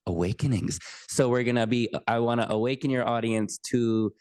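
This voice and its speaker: A man's voice: mid-range voice, fairly even intonation, moderate pace, darkish tone, clean tone, no room sound. A man appearing as an anxiety coach on a podcast, speaking earnestly and reflectively with frequent restarts. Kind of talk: conversational interview.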